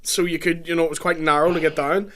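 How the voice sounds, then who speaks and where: A man's voice: on the high side, flat delivery, fast, pushed and bright. A man from the island of Ireland, co-hosting a podcast with blunt, sweary opinions. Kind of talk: casual podcast chat.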